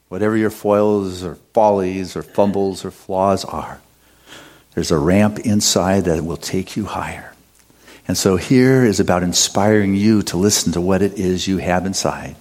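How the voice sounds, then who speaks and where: A man's voice: sits low, measured pace, darkish tone. A man preaching a sermon as pastor, telling a story with laughs and building to an upbeat call.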